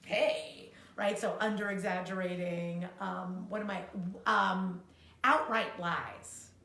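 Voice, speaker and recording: A woman co-hosting a live talk, animated and quick to act out little quoted voices, swearing freely. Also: fairly low pitch. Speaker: co-host, coach. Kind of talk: live-streamed casual talk. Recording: echoey room.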